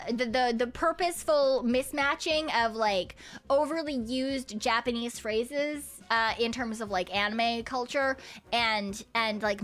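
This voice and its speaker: A woman's voice: on the high side, a bit bright. A young woman streamer in casual chat with her viewers, loose and giggly, swearing freely and humming while she reads chat. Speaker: VTuber streamer chatting with viewers.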